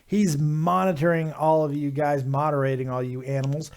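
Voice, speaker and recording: A man hosting a live call-in stream, talking casually, joking and swearing loudly. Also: fairly high pitch, little pitch movement, normal speed. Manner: loud, profane, joking, drifts into mock singing. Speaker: livestream host.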